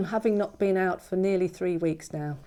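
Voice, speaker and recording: A woman with a low, warm voice sends a cheerful, casual video message from home. She chats while doing her exercises. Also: normal speed.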